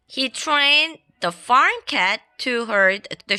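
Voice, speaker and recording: Bright-voiced woman reading a children's storybook. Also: fairly high pitch, slow, few pauses, smooth. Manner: playful and expressive, adds sound effects. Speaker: storybook reader. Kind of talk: children's storybook read-aloud. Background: faint classical background music.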